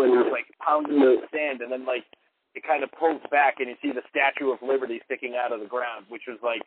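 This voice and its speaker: A man's voice: medium pitch, fairly even intonation, fairly quick. A man recapping a film plot in a chatty, filler-heavy way on a podcast. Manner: chatty retelling, heavy use of like. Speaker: podcast co-host. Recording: tinny phone-like line with faint hiss.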